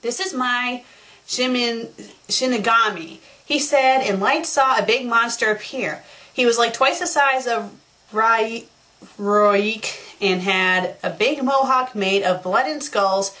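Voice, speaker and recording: A woman with a bright, piercing voice reads a poorly written story aloud in a fairly high register. She keeps cutting in with sarcastic, exasperated commentary as the host of a critique show. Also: takes it slowly. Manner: exasperated, mocking rants. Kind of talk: sarcastic dramatic reading with commentary.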